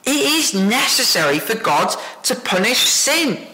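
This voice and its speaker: A man's voice: very high-pitched, big pitch swings, a little slow, bright, forceful tone. A man preaching an expository sermon, earnest and building to emphatic insistence. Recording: echoey room.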